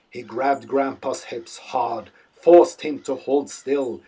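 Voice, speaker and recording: Husky man reading deadpan. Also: medium pitch. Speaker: audiobook narrator. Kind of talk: literary audiobook narration.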